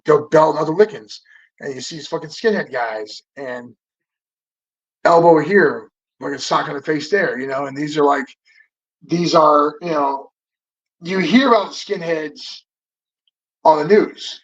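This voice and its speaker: Sounding a little slow and leaving long pauses, this Southern Californian in his fifties rambles through stories as a guest in a casual interview, swearing freely amid false starts and fillers. His voice sits somewhat high for a man, and the recording comes across dull and lo-fi.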